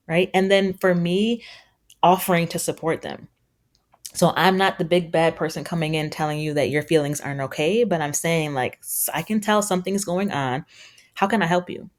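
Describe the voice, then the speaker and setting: A woman's voice: fairly low pitch, normal speed. A woman guest on a parenting podcast, earnestly explaining her ideas with examples and quoting what parents and kids say. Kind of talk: conversational interview.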